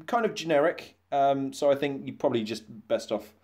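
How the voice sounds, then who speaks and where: A man's voice: medium pitch, brisk, darkish tone. A man co-hosting a casual game chat with dry, wry reactions. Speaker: co-host.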